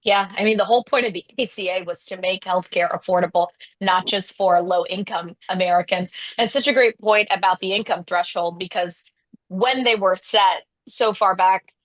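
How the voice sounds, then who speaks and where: A woman political commentator on a panel, animated and lively, acting out the voices of people she quotes. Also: mid-range voice, normal speed. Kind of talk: panel discussion.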